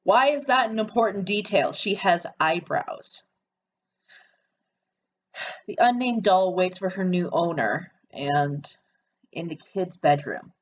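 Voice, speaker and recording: A woman's voice: on the low side, slow, pauses often, dull audio. A woman reading an interactive horror story game aloud and adding chatty, sarcastic asides.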